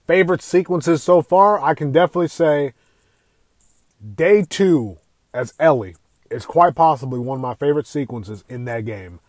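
A young man hosting a casual gaming podcast, talking in an excitable, profane, rambling way. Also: a little high, moderate pace, no room sound. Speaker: podcast host.

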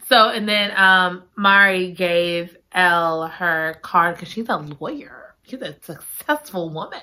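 A woman's voice: on the low side, slow pace, few pauses, bright, forceful tone. A woman giving a chatty, slangy retelling of a story, full of playful asides to her viewers. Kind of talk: animated storytime chat.

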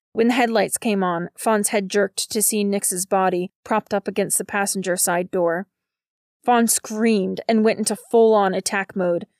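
Gravelly woman reading a novel aloud. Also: medium pitch, no room sound, clean studio sound. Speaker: narrator. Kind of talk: audiobook narration.

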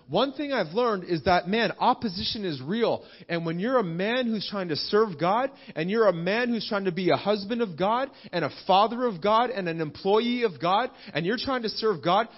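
A man's voice: high-pitched, dull audio. A man in his thirties preaching a sermon, earnest, repeating phrases and asking the congregation "amen?". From Canada. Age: 30s. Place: church service.

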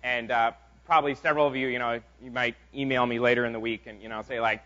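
A man preaching a conversational sermon as pastor, in an informal, halting way with frequent restarts. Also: medium pitch, steady tone, pushed and bright. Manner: informal, halting delivery with many fillers and restarts. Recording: dull lo-fi sound.

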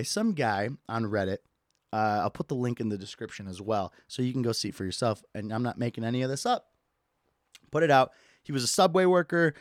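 A man's voice: medium pitch, dry recording. A young adult man hosting a solo comedy podcast, ranting with mock disgust and plenty of swearing into a close mic. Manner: animated, profane, mock-disgusted. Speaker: podcast host.

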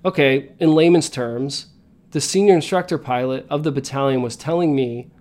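A man's voice: mid-range voice, normal speed, darkish tone. A man in his thirties, a podcast host telling a story and coaching his listeners in an earnest motivational style. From United States.

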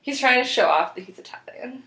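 A woman chatting casually about a TV episode, relaxed and quoting the characters. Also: sits high, fairly quick. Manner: relaxed, laughing, quotes the characters. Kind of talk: casual podcast chat recapping a TV episode. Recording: echoey room.

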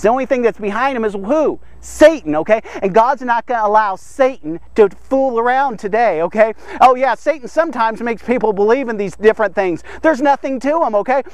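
An animated man preaching a Bible story on a devotional podcast, with a notably high-pitched voice. He talks excitably and keeps checking in with his listeners. The sound is dry and close, with no room echo.

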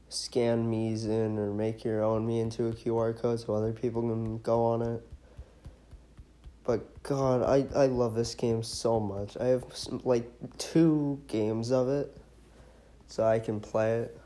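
A man rambling excitably and casually about his favorite video games, with frequent giggles. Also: mid-range voice, unhurried. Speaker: vlogger. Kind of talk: casual enthusiastic chat.

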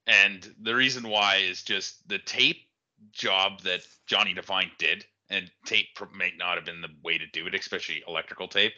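A man's voice: sits low, steady tone, moderate pace, pushed and bright, lo-fi sound. A man co-hosting a podcast, giving blunt, profane takes on wrestling matches. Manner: blunt, profane, laughs often. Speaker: podcast co-host. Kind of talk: casual wrestling review chat.

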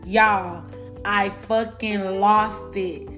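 Animated woman telling a story. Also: medium pitch, extremely slow, faint music behind. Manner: animated, profane and frank. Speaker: vlogger. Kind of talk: casual storytime.

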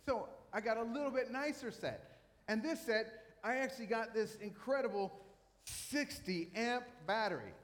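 A man preaching a sermon as pastor, telling a story with animated, self-mocking humor on a church stage. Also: extremely high pitch, normal speed. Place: church stage in a large hall. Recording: long reverb of a hall.

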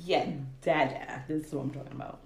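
A woman's voice: deep voice, steady tone, a little fast, echoey room. A woman in her thirties chatting casually about her relationship, laughing often and acting out what people said. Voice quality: laughing, emotional storytelling, acts out quotes. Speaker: podcast guest telling her love story. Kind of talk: casual chat.

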